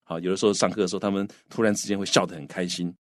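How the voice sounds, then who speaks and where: Brief: male language teacher, lowish voice, patient and repetitive, dry studio sound. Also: little pitch movement, no room sound. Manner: explains phrases slowly, repeating and translating. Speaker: English teacher. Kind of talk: bilingual language lesson.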